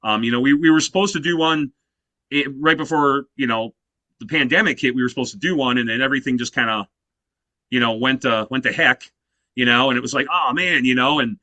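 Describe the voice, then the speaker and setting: A man's voice: mid-range voice, brisk, pushed and bright, dry recording. A man in his fifties, a guest musician in a casual interview, telling stories animatedly and leaning on "you know" fillers. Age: 50s.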